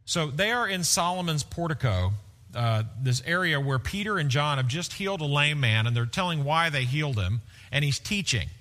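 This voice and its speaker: A man's voice: fairly high pitch, expressive, normal speed, sharp tone. Man preaching in an echoing church hall. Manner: conversational preaching, frequent "right?" checks. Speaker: pastor. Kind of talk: sermon. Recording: long reverb of a large hall.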